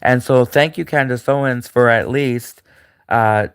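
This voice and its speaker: A man's voice: medium pitch, steady tone, unhurried, clear, resonant tone, no room sound, studio quality. A man talking alone in a rambling, repetitive monologue with many fillers and restarts. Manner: rambling, repetitive, frequent fillers and restarts, mocking put-on voices. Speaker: commentator.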